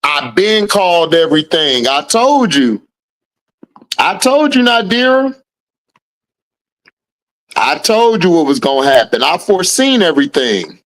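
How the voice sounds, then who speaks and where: A man with a high-pitched voice hosts a laid-back livestream, greeting viewers by name and laughing through his replies. He takes his time and speaks. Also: sing-song, a little slow, long pauses, fairly bright tone. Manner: reads out viewer names and answers chat, laughs often. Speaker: livestream host. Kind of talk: casual live-chat commentary.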